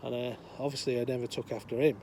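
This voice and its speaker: A man's voice: medium pitch, little pitch movement, fast, warm tone, slight background noise. An older man with a chatty, meandering manner, telling a long joke outdoors. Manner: meandering, chatty, many fillers. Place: outdoors, windy.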